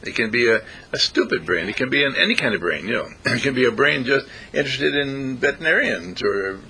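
A man telling rambling, playful stories in a casual talk, clearing his throat often. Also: mid-range voice, lively intonation, fairly quick, sharp tone. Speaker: speaker.

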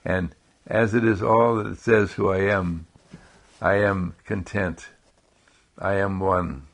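A man giving a calm spiritual talk in slow, repetitive affirmations. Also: low-pitched, gravelly. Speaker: spiritual speaker.

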